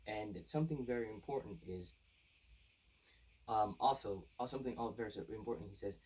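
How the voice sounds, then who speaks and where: Rambling husky man reviewing manga. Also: fairly low pitch, fairly quick, darkish tone. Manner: rambling, many fillers and restarts. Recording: voice distant from the mic.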